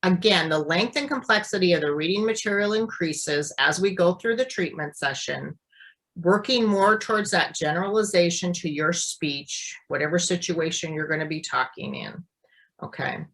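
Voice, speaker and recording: A woman speech therapist explaining and demonstrating voice exercises in a clear, deliberate teaching manner. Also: fairly low pitch, fairly bright tone, poor audio. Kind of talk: instructional demonstration.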